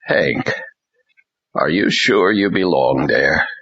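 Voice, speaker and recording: A man voicing an older ousted male pastor who talks slowly, falteringly, and forcefully. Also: extremely low pitch, expressive, slightly rough, muffled recording, exaggerated voice.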